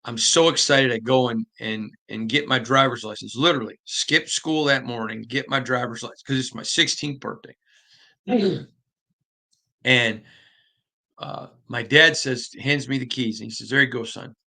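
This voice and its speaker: A man hosting a sports podcast, telling stories in an animated, conversational way with frequent restarts. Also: medium pitch, normal speed, vocal fry. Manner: animated storytelling with repeated restarts. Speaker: podcast host. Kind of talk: casual podcast monologue.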